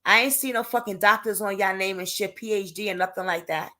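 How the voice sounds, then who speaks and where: A woman hosting a livestream who talks loudly and bluntly, swearing as she scolds viewers and answers chat comments. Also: mid-range voice, a little fast. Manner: reads chat comments aloud and answers them. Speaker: YouTube livestream host.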